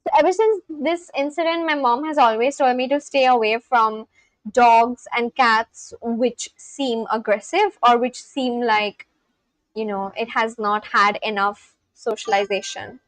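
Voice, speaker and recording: Chatty high-voiced woman streamer. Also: steady tone, a little slow, dry recording. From India. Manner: chatty, reads and answers chat aloud, laughs often. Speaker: livestream host. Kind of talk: casual livestream chat.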